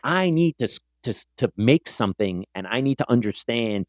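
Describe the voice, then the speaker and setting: A middle-aged podcast host interviews a guest, speaking at normal speed in a medium-pitched voice. He tells stories casually and with animation, acting out what people said. The studio-quality sound is dry.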